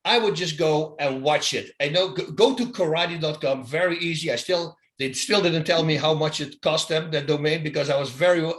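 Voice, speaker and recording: A man, a former fighter, guesting in a casual interview, telling animated stories, mimicking punch sounds and laughing between phrases. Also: on the high side, normal speed, few pauses.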